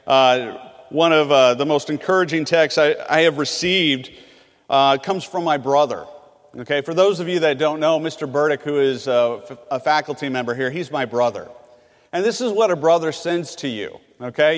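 A man from California preaching a sermon, swinging between loud emphatic bursts and hushed, low phrases. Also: animated, moderate pace, long reverb tail. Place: large hall on a college campus.

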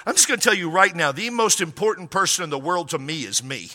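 Emphatic preacher in a reverberant hall. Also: male voice, on the high side, lively intonation, quick pace. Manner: emphatic, repeats key lines, drops quiet for asides. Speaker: pastor. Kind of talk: sermon.

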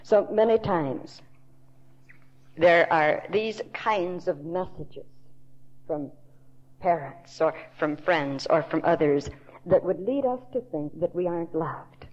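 A woman Bible teacher giving a sermon in a deliberate, emphatic storytelling manner. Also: fairly low pitch, expressive, darkish tone. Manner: slow, deliberate, emphatic storytelling with quoted voices. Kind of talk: recorded sermon to a women's audience. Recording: dull lo-fi tape recording.

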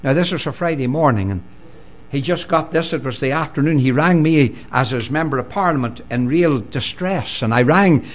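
Older northern irish guy preaching, goes loud then drops quiet, voice sits a bit high. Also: moderate pace. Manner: emphatic, swinging between loud and quiet. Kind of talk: sermon.

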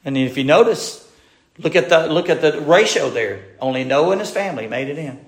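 A man's voice: a little high, animated, a little fast, echoey room. A male pastor preaching a sermon, reading scripture and building to emphatic, rising passages.

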